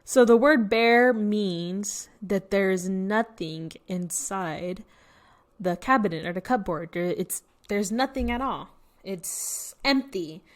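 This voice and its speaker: A woman's voice: mid-range voice, slow pace. A woman reading a picture book to children, patiently explaining words and asking questions. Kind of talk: read-aloud lesson.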